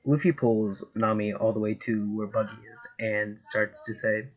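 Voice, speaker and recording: A man's voice: lowish voice, steady tone, moderate pace, hardly any pauses, muffled recording. A man casually narrating fan fiction in a rambling, profane way with lots of fillers. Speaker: YouTube storyteller. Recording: noisy home recording.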